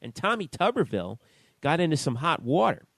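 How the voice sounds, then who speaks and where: A man co-hosting a sports talk podcast, reading out statistics in a slow, measured way. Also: fairly high pitch, sing-song, gravelly, fairly bright tone, no echo. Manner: reads out stats in a slow, measured way. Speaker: podcast co-host.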